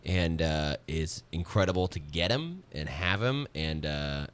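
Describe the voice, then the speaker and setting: A man with a low, deep voice hosts a radio show in easy conversational banter. His tone is bright and forceful, and his speech rises and falls in a lively way as he tells stories. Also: smooth. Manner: chatty, storytelling, quick asides.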